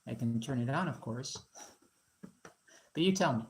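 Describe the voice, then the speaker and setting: A woman from Moscow, with no foreign accent, hosts a relaxed live stream from her garage, chatting and joking with viewers; she is a musician and painter. Her voice rumbles low and creaky, animated at a normal pace, with frequent pauses.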